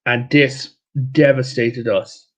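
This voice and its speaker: A man's voice: mid-range voice, slow. Irish man telling history stories. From Ireland. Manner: animated storyteller, rambling with restarts. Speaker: guest. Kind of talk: casual history chat.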